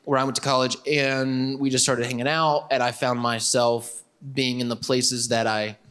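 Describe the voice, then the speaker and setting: A man's voice: mid-range voice, little pitch movement, moderate pace, fairly bright tone, clean tone. A young man telling his dating story to students in a playful, joking way, acting out his own lines. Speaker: youth speaker.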